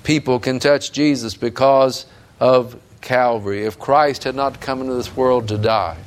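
A male preacher delivering a sermon with a smooth, resonant voice at a middling pitch. He preaches fervently and with emphasis, building intensity as he drives his points home. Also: fairly even intonation, unhurried.

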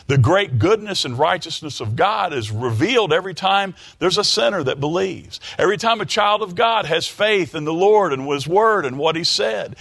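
Man preaching a sermon, reads the verses then explains, repeats himself and stammers, goes low and quiet then high and punchy on the big words. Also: gravelly. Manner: drops low and quiet in confession, rises emphatic on key words; repeats phrases and stammers while working through a thought. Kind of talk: sermon, reading and expounding scripture.

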